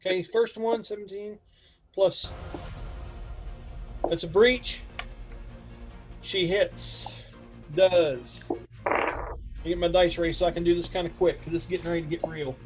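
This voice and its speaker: A man with a high voice narrates a tabletop game as its game master. He talks in an animated way, counting out ranges and firing off quick asides to his players, with faint music under him. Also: low-quality recording.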